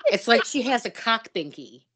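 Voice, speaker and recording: A woman's voice: a little high, sing-song, normal speed, sharp tone, husky. A woman co-hosting a podcast, chatting about a film with blunt, crude jokes. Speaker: podcast co-host. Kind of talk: casual film chat.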